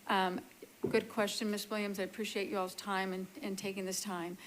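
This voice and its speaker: A woman speaking as an appellant at a public hearing, earnest and apologetic, talking in a hurried way into a meeting-room microphone. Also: mid-range voice, flat delivery, slight background noise, poor audio. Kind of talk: testifying at a hearing.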